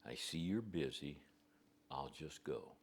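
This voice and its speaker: A man voicing a humble, apologetic homeless man in a soft voice. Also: very deep voice, animated, a little slow, a little hiss or hum.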